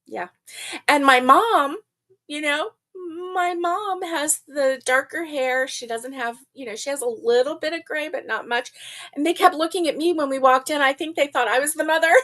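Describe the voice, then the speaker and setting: An older woman talks slowly and easily as she hosts a casual live chat. Her voice sits a little high. She laughs often and greets viewers one by one. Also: a bit bright. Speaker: livestream host.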